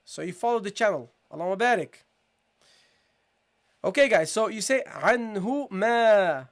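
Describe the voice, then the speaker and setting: Patient teacher repeating and checking in. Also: male voice, sits high, lively intonation. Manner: repetitive, checking in with viewers, slow demonstration of sounds. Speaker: Quran recitation and Arabic teacher. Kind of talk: live-streamed tajweed lesson.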